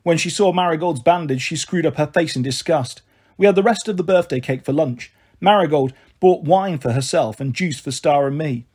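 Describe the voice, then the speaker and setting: A man narrating a children's novel in a steady, gentle read-aloud style. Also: on the high side, moderate pace, breathy edge. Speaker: storyteller.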